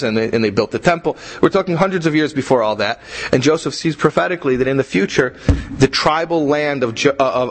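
A man's voice: medium pitch, poor audio. A man teaching a religious class in a conversational way, repeating himself and asking rhetorical questions. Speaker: Torah teacher.

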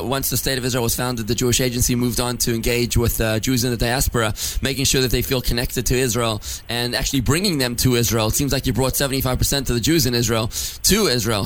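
A man's voice: mid-range voice, fairly bright tone. A man from South Africa, a rabbi hosting a radio interview, asks long, enthusiastic questions full of restarts.

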